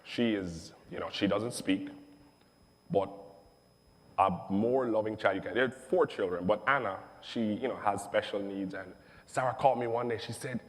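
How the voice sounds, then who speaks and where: A middle-aged man from Jamaica, telling his own business story in an emphatic, animated way and repeating phrases for stress. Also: on the low side, moderate pace. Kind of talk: testimonial storytelling. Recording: long echoing reverb.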